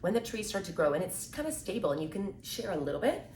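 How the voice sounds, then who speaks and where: A woman's voice: medium pitch, big pitch swings, darkish tone, slight background noise. Chatty woman in an echoey room. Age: 20s. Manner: chatty and upbeat, acts out quick quoted exchanges, says "like" and "right?" often. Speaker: mindset content creator. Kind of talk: casual motivational talk to camera. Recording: echoey room with faint ambience.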